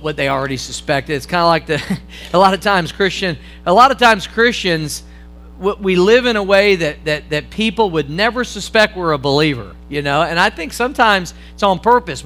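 A man preaching a sermon as pastor, animated and conversational, acting out little scenes and slowing down for emphasis. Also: sits high. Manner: animated preaching with acted-out asides and slow emphatic phrases.

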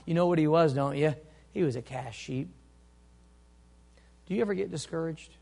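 Male pastor, high voice, sermon delivery that swings from hushed to fired up. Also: lively intonation, brisk, gravelly, pauses often. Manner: swings from hushed storytelling to loud impassioned preaching.

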